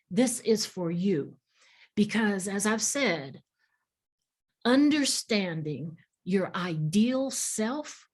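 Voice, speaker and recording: A woman leading a webinar for fundraisers, telling a story in an earnest, encouraging way. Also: medium pitch. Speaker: fundraising trainer. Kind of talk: webinar teaching talk.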